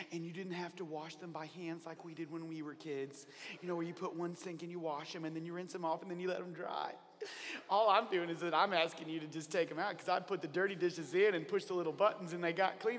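A man's voice: sits high, fairly even intonation, quick pace, fairly bright tone, big-room sound, voice pushed down. A man voicing a patient, mildly exasperated mother explaining a chore to her child.

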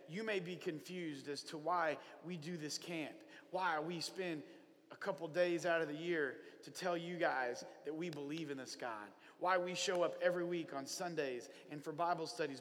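A man from Oklahoma preaching a lively, humorous sermon to young people at a camp, telling stories with playful asides. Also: a little high, moderate pace, big-room sound. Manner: animated storyteller, playful humor.

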